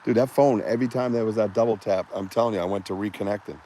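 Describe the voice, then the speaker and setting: A man's voice: fairly low pitch, steady tone, fast talker, mellow, slight background noise. A man hosting a casual live stream outdoors by the water, joking and bantering loosely while talking into a phone. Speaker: podcast host.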